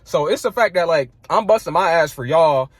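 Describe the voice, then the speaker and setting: In a fairly high, expressive voice at a normal speed, a young male vlogger tells a heated, profane story of trouble at work. He keeps dropping "like" and "bro," and the recording has no room sound.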